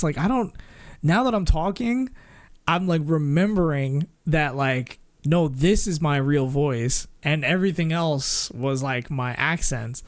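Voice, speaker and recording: A man's voice: on the high side, animated, slow. A man streaming and chatting casually, rambling with lots of fillers, restarts and little laughs. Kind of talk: casual chat with chat.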